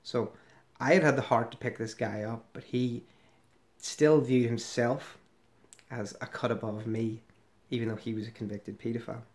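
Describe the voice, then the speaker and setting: A man's voice: mid-range voice, fairly even intonation, moderate pace, darkish tone. Middle-aged man, mid-range voice, loose sarcastic vlog commentary full of asides. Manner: sarcastic, rambling with fillers. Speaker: ex-member commentator. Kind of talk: casual commentary on a website.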